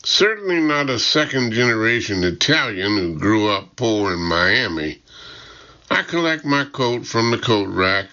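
A man narrating a first-person audiobook in a measured, wry way. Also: lowish voice, sing-song, pushed and bright, dull audio.

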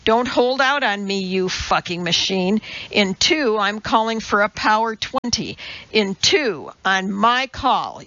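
A woman's voice: on the high side, highs cut off. A woman voicing a small, fierce male coxswain who growls and barks profane commands at a rower. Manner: growling, profane, shouting orders.

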